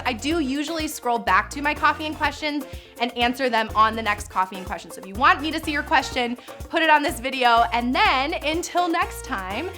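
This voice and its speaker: Woman, 30s, birth coach vlogger, casual chatty Q&A, bright tone. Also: high voice. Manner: chatty, gushing, many likes and laughs. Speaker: birth coach and nurse answering viewer questions. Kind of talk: casual question-and-answer vlog.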